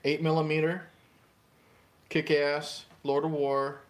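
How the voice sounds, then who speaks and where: A man's voice: fairly high pitch, little pitch movement, slow. A man co-hosting a live stream, chatting casually about movies in a rambling, easygoing way and laughing often. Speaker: co-host of a live stream show.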